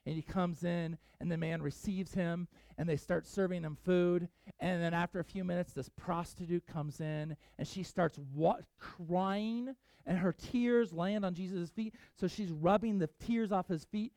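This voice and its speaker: High-voiced man preaching, dry sound. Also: animated, normal speed, darkish tone, dry recording. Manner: earnest preaching, acts out quoted voices. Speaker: pastor. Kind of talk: sermon.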